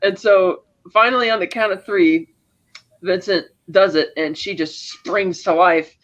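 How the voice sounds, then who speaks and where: A man co-hosting a podcast, casually retelling a film's scenes and acting out the characters' lines. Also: a little slow. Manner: animated retelling, acting out lines with raised pitch. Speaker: podcast co-host. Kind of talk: casual film recap chat. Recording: dull lo-fi audio.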